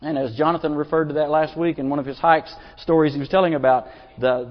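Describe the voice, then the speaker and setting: Preacher guy, kinda high voice, folksy sermon, long church echo. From Arkansas. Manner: earnest, folksy, with repeated restarts. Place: church sanctuary. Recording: dull lo-fi sound, long church reverb.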